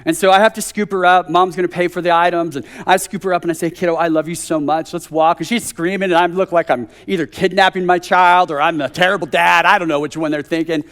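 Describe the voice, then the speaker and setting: A man's voice: high voice, level tone, fast talker, few pauses, fairly bright tone. A man in his thirties preaching a conversational sermon at a church service, telling a story with joking asides.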